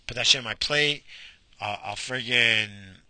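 A man ranting sarcastically in a parked car, swearing and animated. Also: medium pitch, measured pace, dry recording. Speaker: vlogger. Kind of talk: profane ranting monologue. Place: pulled over in a car.

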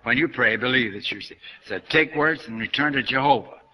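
Man preaching new thought stuff, super bright voice, chatty and folksy, drops bible verses. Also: mid-range voice, fairly quick, slight background noise, rough recording. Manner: conversational, folksy, quotes scripture. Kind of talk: spiritual lecture. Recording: archival lecture recording.

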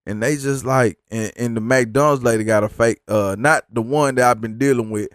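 A man rants through a casual story, profane and exasperated, his thoughts rambling. His voice sits at an everyday middle pitch, and the sound is dry and close. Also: normal speed, few pauses, clean tone, no room sound.

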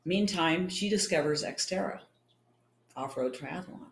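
A woman's voice: fairly low pitch, a little slow. A middle-aged woman from California, a champion cyclist and triathlete, chatting as an interview guest and acting out the dialogue in her stories. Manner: chatty, acts out quoted dialogue. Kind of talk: casual storytelling interview. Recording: roomy echo.

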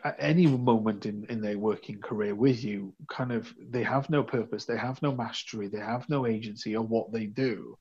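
Husky host, dull lo-fi sound. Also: male voice, on the low side, moderate pace, few pauses, darkish tone. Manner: reflective, many restarts. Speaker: podcast host. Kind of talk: casual conversation.

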